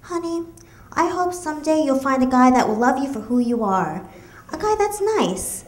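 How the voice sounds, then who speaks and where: A woman voicing a gentle mother with a sweet, soft way of talking, live in a comedy club. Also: high voice, lively intonation, normal speed. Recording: roomy club with audience laughter.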